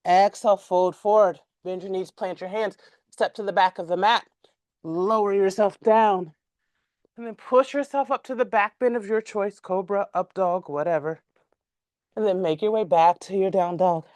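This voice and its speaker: A woman teaching a yoga class, giving calm, measured cues timed to the breath and stretching out repeated words. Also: mid-range voice, no echo. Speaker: yoga instructor.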